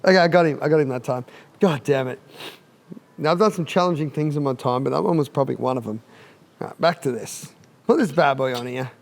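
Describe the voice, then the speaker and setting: A man with an Australian accent and a gravelly, medium-pitched voice talks fast while presenting a casual, jokey how-to install video. Full of larrikin banter, he laughs at his own fumbles.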